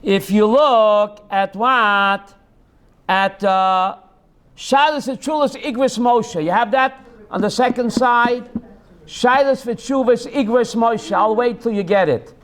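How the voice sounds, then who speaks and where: A man with a strikingly high voice teaches a text-study class as a rabbi. He reads Hebrew lines aloud, translates them, and keeps calling on students by name with quick questions. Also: a bit bright.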